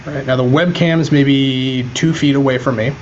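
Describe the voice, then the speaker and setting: A man on a video call demos microphones as a podcast guest, flipping between a webcam mic and a USB condenser while chatting loosely about audio gear. His talk is relaxed and packed with "um" and "you know." He speaks at medium pitch and moderate pace; the recording is muffled, with slight hiss or hum.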